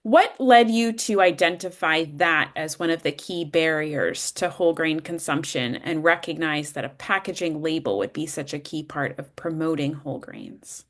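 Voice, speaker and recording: A woman interviewer asking careful, measured, prepared questions. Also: deep voice.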